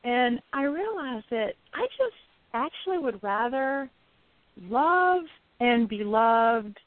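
A woman's voice: a little high, sing-song, takes it slowly, no echo. A woman telling a personal story casually, laughing often and acting out her own reactions. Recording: tinny phone-line sound.

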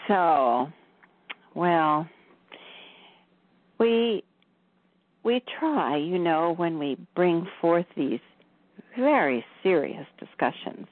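A woman channeling a gentle male spirit teacher, reassuring and unhurried, over a tinny call line. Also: lowish voice, lively intonation, no echo, voice pushed down, heavily acted. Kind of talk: channeling session.

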